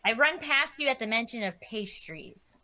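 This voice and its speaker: Playful, animated woman player. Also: a little high, normal speed. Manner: playful, eager. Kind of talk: playing a tabletop game.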